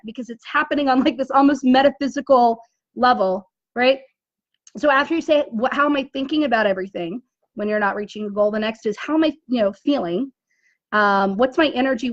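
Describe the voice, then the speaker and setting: A woman's voice: high voice, no echo, highs cut off. A woman business coach giving a motivational talk on a live stream indoors, asking rhetorical questions and tagging lines with "right?". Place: indoors, dim room.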